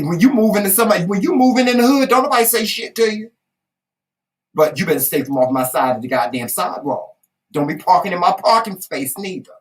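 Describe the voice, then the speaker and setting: Southern-accented woman co-host, lively and emphatic, slightly distant from the mic. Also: fairly low pitch. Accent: Southern American. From Southern United States. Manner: animated, emphatic, salty storytelling with folksy asides. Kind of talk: casual chat.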